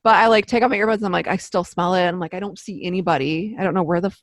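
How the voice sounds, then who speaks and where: A young woman co-hosting a podcast from her home office, telling a story in casual chat, animated and swearing often as she acts out her own quotes. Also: lowish voice, rapid-fire. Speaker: podcast co-host. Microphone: podcast mic.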